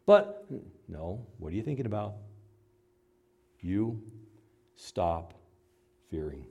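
Animated preaching man, lively pitch. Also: slow, breathy edge. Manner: animated, swinging from loud high outbursts to low quiet asides; voices God and doubters in dialogue. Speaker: pastor. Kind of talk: sermon.

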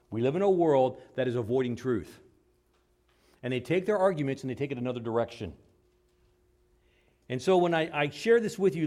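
A man preaching a sermon, emphatic, posing rhetorical questions and swinging between loud and soft. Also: a little high.

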